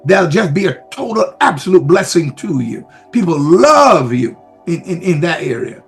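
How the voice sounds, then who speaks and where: Brief: male pastor, high-pitched, preaching with repetition and shouted emphasis over soft music. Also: sing-song, normal speed. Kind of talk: sermon.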